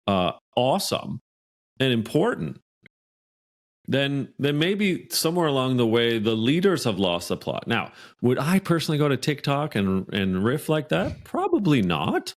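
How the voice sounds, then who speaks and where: A Canadian man, a podcast guest, telling a workplace anecdote in a lively, animated way. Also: medium pitch. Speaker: guest author. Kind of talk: podcast storytelling.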